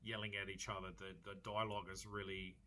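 Bright-voiced Australian man chatting casually. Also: deep voice, flat delivery, fast, a little hiss or hum. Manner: chatty, rambling, jokey asides. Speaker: film reviewer. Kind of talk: casual film review.

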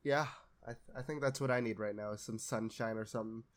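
A man's voice: lowish voice, steady tone, quick pace. A man co-hosting a podcast in casual chat, sarcastic, swearing freely and laughing often. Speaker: podcast co-host.

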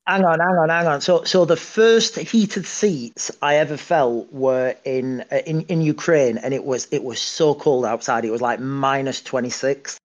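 A man's voice: medium pitch, normal speed, hardly any pauses, dull audio. A man guest on a podcast telling military-style anecdotes casually, repeating and restarting words. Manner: hesitant, repeats words, chuckles at own stories.

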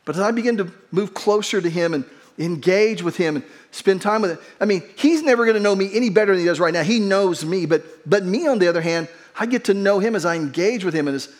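Middle-aged pastor guy, pretty high voice, chatty sermon, funny story, pokes fun at himself. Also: brisk. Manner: humorous personal storytelling. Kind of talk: conversational sermon.

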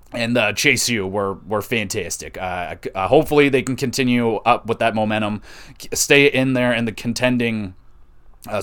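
A man hosting a podcast, reviewing wrestling shows in an excitable, casual way, laughing and swearing freely. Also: mid-range voice. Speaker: podcast host.

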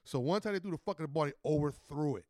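Fast-talking, animated man telling street stories. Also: on the high side, no room sound, studio quality. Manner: animated, profane street storyteller. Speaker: podcast host. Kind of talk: casual podcast chat.

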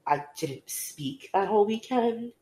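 A woman's voice: medium pitch, lively intonation, a little slow, dark tone. Young woman podcaster, candid and chatty, echoey room. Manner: candid storytelling, many fillers. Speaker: podcast co-host. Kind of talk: casual conversation. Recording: roomy echo.

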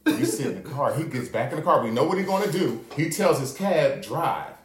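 A man's voice: fairly high pitch, very animated, fairly quick. Laughing, profane man telling a story. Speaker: podcast co-host. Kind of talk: casual storytelling chat. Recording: echoey room with faint noise.

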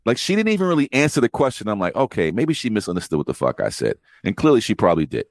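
A man telling rideshare driver stories in casual podcast chat, profane and animated, acting out the voices of people he quotes. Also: fairly low pitch, racing, dry recording, studio quality.

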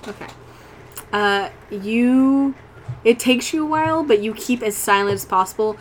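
A woman narrating as game master, describing scenes slowly and deliberately and often laughing. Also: a little high, slight background noise, poor audio.

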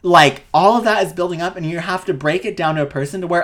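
Young female co-host with a lower register, heated and blunt. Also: quick pace, few pauses. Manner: emphatic, heated, swears freely. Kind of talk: casual chat.

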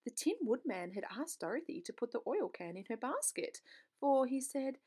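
A woman narrating a children's book aloud in an expressive storytelling manner, with occasional stumbles. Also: high-pitched, normal speed, breathy edge.

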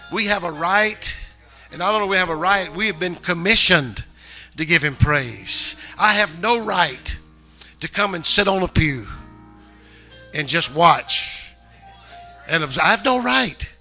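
A man's voice: high-pitched, pushed and bright. A man who is a pastor, preaching a sermon in a church in a loose, conversational way with joking asides that build up to urging the congregation on. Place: church sanctuary.

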